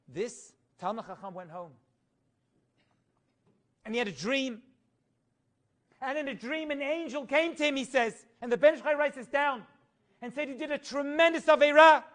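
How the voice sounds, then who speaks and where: A middle-aged male rabbi telling stories in an animated Torah class, singing quoted Hebrew phrases and adding humorous asides. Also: extremely high pitch.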